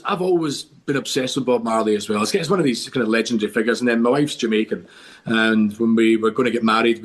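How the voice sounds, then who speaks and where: A middle-aged Scottish man, a podcast guest, telling long stories with enthusiasm and lots of restarts. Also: medium pitch. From Scotland. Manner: enthusiastic rambling storyteller with many restarts. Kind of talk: casual podcast chat.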